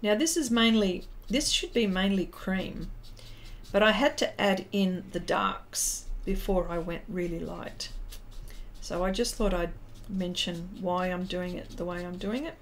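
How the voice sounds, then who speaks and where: A woman's voice: fairly low pitch, measured pace. A middle-aged Australian woman hosting a live art stream, chatting casually and reading out viewers' comments while she paints, with many fillers and restarts. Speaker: livestream art host.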